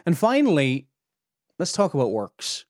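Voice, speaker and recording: A man's voice: on the high side, wildly swooping pitch, measured pace, dry recording, studio quality. A man hosting a podcast, teaching on theology in an earnest, emphatic way that climbs sharply when he presses a point. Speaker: podcast host and Bible teacher.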